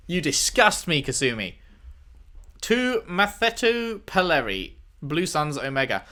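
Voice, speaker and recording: A man's voice: fairly high pitch, lively intonation, a little slow. A man playing a video game, reading in-game messages aloud and reacting with casual, profane commentary. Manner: swears freely, reads dossiers aloud and reacts with loud outbursts. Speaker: gameplay streamer.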